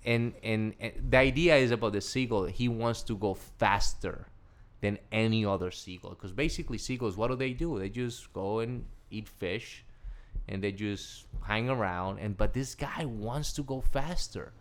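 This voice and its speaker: A man, a guest on an interview show, recounts his story with growing excitement and slips into the voices of the people he quotes. His voice sits a little on the low side. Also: normal speed. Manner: excitable, acts out quoted dialogue. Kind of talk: animated personal storytelling.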